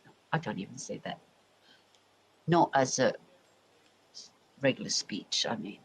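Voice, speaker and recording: English accent with American edges, casual livestream chat, rambling, mid pitch, faint background noise. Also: animated, unhurried, poor audio. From England, Royal Berkshire. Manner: rambling, chatty, addressing viewers directly. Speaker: livestream host.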